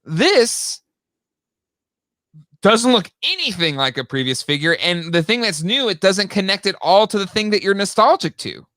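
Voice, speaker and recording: A man co-hosting a casual podcast chat, talking in an animated way and reading out listener comments. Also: moderate pace. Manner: animated, jumps high in pitch when exasperated. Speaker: podcast co-host.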